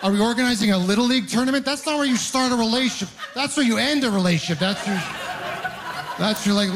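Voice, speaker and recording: A man's voice: very high voice, fast talker. A young man performing a stand-up comedy set on stage, telling stories and acting out both sides of his dialogues. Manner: animated storytelling, acts out both sides of dialogues. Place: comedy stage with a live audience.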